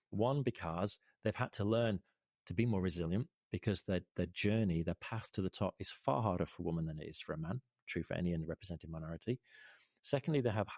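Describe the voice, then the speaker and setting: A man's voice: lowish voice, dry recording, clean studio sound. A man speaking as a podcast interview guest, emphatic and full of rhetorical questions.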